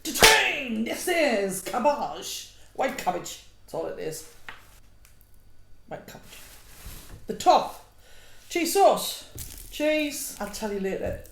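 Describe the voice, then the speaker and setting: A woman's voice: on the high side, big pitch swings, takes it slowly, gravelly. A woman hosting a casual home cooking vlog, chatty and self-mocking with frequent giggles. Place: home kitchen. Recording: echoey room, noisy background.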